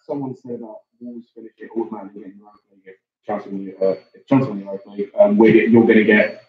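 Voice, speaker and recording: A man's voice: on the low side, steady tone, far from the mic. A young man with a London accent, co-hosting a football watchalong and reading out viewer questions. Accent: London English. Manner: rapid, reads out chat questions. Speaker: fan channel co-host reading viewer questions. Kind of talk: casual football watchalong chat. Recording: roomy, dull lo-fi sound.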